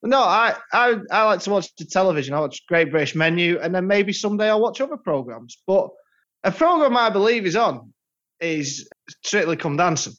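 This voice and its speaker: A man's voice: high-pitched, sing-song, moderate pace, a bit bright. A man co-hosting a podcast, rambling through self-mocking jokes in casual chat. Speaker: podcast co-host. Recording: dull lo-fi podcast audio.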